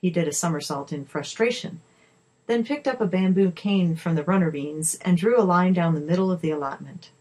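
Woman, storyteller, children's story, low voice, husky, steady expressive reading. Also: brisk, rough recording.

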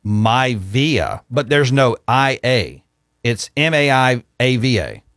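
An easygoing man hosting a casual sports talk show, running through rankings and listener texts. His voice sits at an ordinary male pitch. The recording is dry and close, with no room sound. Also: big pitch swings, unhurried, a bit bright, no room sound.

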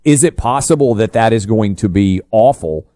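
A man's voice: lowish voice, expressive, moderate pace, mellow, dry recording, studio quality. A man co-hosting a talk radio show, chatting emphatically and addressing his co-host by name.

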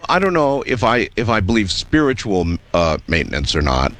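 Lively-voiced male radio talk show host. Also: fairly low pitch. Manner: lively, drawn-out delivery with musing asides. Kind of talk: late-night call-in radio chat.

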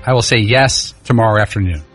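A man's voice: fairly low pitch, fast talker, fairly bright tone, soft background music. A man co-hosting a casual sports talk show, cracking dry jokes. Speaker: co-host.

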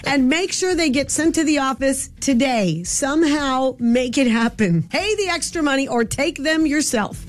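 A woman's voice: high voice, expressive, measured pace. A woman in her forties hosting a radio show, chatting casually with a teasing, laughing manner. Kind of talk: casual morning radio chat.

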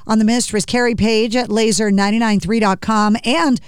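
A woman hosting a radio interview, chatty, with quick reactions. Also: a little high, steady tone, smooth, no room sound, studio quality. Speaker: radio host.

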